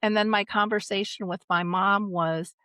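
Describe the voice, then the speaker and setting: A woman's voice: medium pitch, fairly even intonation, normal speed, pushed and bright, clean tone, dry recording. A middle-aged woman, a dementia care advocate, earnestly recounting a personal family story with emotion and a few restarts.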